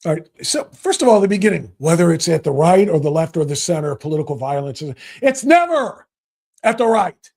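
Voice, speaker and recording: Angry guy ranting on his talk show, sarcastic, gets shouty. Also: fairly high pitch, very animated, brisk. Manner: sarcastic, mocking. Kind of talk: heated political commentary.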